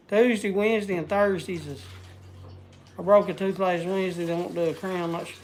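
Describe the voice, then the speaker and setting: A man's voice: high-pitched, fairly even intonation, normal speed, slight background noise. Man, casual stream chat, rambling, folksy. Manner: rambling, folksy, searches for words. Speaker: vlogger.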